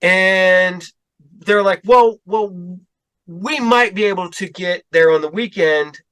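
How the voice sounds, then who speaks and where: A man's voice: high voice, takes it slowly, a bit bright, smooth. A middle-aged man hosting a podcast, chatting casually and rambling through a story as he quotes himself and others. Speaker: podcast host. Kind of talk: casual chat.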